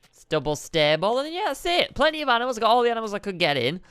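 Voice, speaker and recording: A man's voice: extremely high pitch, big pitch swings, rapid-fire, a bit bright, smooth, no echo, clean studio sound. A man co-hosting a gaming video, rambling casually and poking fun at himself. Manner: rambling, self-mocking. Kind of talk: casual gameplay chat. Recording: light background music.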